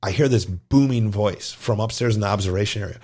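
A middle-aged man, a gymnastics coach co-hosting a podcast, telling lively stories in casual chat and acting out the voices of the people in them. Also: lowish voice, a little fast. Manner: animated, acts out quoted voices in his stories.

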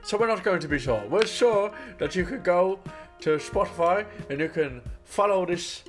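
A man's voice: lively intonation, moderate pace, faint music behind. A man hosting a podcast puts on a playful, exaggerated mock Irish accent that slips toward posh British. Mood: boisterous. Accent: mock Irish, slipping toward posh British. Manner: hammy, high-pitched, playful. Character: exaggerated stage Irishman, jolly and loud.

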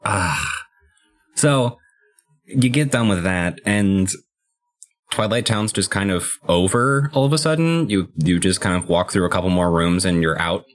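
A man's voice: low voice, unhurried. A young man co-hosting a podcast, chatting casually about a video game and explaining strategy in long, loose sentences. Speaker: podcast co-host.

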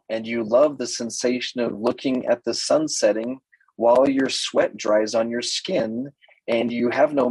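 A man's voice: mid-range voice, a little mellow, slightly rough, dry recording, rough recording. An older man coaching women in a playful talk, often mimicking other people's voices. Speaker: relationship coach.

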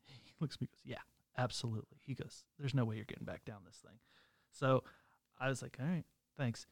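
A man co-hosting a podcast, telling a story in an animated way and laughing often. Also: mid-range voice, a little fast, gravelly, pauses often, no room sound. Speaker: podcast co-host. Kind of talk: casual storytelling.

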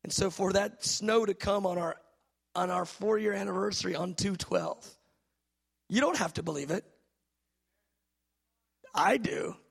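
A man, a pastor preaching a charismatic sermon, swinging from soft musing to shouted preaching. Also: sits high, a little slow, vocal fry, pauses often, slightly rough.

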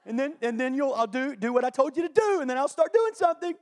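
A blunt, scolding God, as a pastor puts him on. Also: male voice, very high voice, lively intonation, fast, darkish tone, voice pushed up. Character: blunt, no-nonsense God, a male deity.

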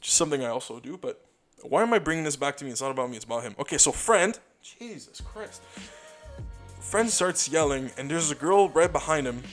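A man's voice: on the high side, quick pace, soft background music. A young man, a comedian, telling loose stories in a rambling, profane way, full of restarts and "dude". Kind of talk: casual storytelling monologue.

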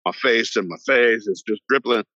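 Speaking at a moderate pace in a fairly low voice, this middle-aged man is an actor guesting on a podcast. He spins a lengthy, animated story and voices the people in it, captured in dry, dull lo-fi audio without room sound.

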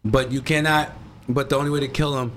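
A man co-hosting a casual podcast chat, animated and profane, cutting into the others' lines. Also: mid-range voice, a little fast, a little hiss or hum. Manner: animated, swearing, laughing, jumps into others' lines. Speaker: podcast co-host.

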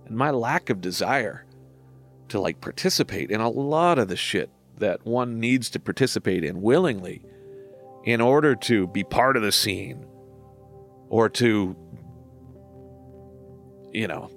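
A man's voice: on the low side, animated, unhurried, long pauses, soft background music. A man in his forties talking through his own songs in a reflective podcast monologue, candid and self-deprecating, with casual swearing. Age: 40s.

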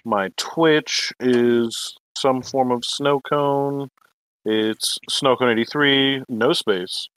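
A man's voice: medium pitch, a bit bright, no echo. A man chatting casually on a podcast, laid-back and rambling, swearing freely. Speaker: podcast guest.

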